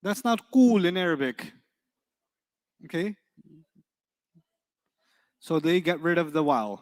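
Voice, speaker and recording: With an expressive, high voice, this Arabic teacher drives a classroom grammar lesson through rapid-fire questions and playful jabs at his students, all ringing with a long reverb from the hall.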